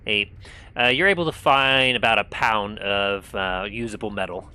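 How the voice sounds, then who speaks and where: A man acts as game master for a tabletop role-playing game, setting each scene in a slow, descriptive manner. His voice sits fairly low, and the background is noisy.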